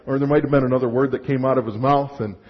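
A male pastor preaching a sermon in an animated way, acting out little scenes and restarting his sentences. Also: mid-range voice, racing. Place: church sanctuary. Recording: muffled sound with long hall reverb.

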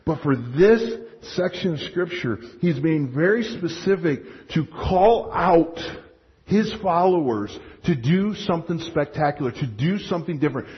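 A male pastor preaching a sermon in an animated way, acting out little scenes and restarting his sentences. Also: fairly high pitch, a little slow. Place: church sanctuary. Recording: muffled sound with long hall reverb.

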